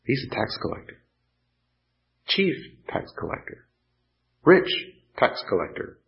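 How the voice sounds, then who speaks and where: A man preaching a sermon, earnest and pausing, lifting his voice when he quotes scripture. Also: medium pitch, sing-song, vocal fry. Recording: dull lo-fi sound.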